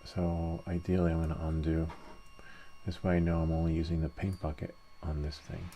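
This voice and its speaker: Low gravelly-voiced man explaining software. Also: moderate pace, slight background noise. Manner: relaxed, thinks aloud step by step while working. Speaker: 3D printing tutorial host. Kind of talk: casual screen-share tutorial narration.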